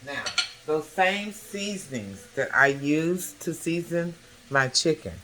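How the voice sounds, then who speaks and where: A woman's voice: sits low, lively intonation, slow pace, noisy background. Chatty woman cooking in an echoey kitchen. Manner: chatty, keeps checking in with the viewer by asking "okay?". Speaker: home cook hosting a cooking video. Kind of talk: casual cooking demonstration. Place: home kitchen. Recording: echoey kitchen with background music.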